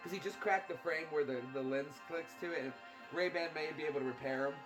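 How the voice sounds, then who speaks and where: A man's voice: on the high side, fast talker. A man hosting a let's play, chatting casually and rambling through stories while laughing at himself. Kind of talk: casual chat over gameplay. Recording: loud game music behind.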